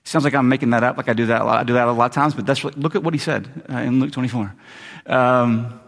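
A man's voice: medium pitch, fairly even intonation, fast talker, gravelly, fairly bright tone. A man preaching a sermon as a pastor, retelling the story in a loose, joking way with casual asides. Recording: long hall reverb.

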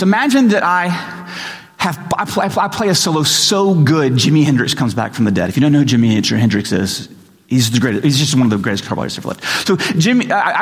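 A man preaching a sermon as pastor, telling stories with animated acted-out voices. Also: on the high side. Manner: animated storytelling, acts out quoted voices. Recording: reverberant hall recording.

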